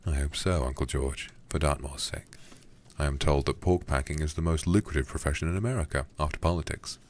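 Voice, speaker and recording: A man's voice: extremely low pitch, a little fast. A man voicing a witty, ironic young English aristocrat in a whispered role-play reading. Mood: wry. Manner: cool, ironic and epigrammatic.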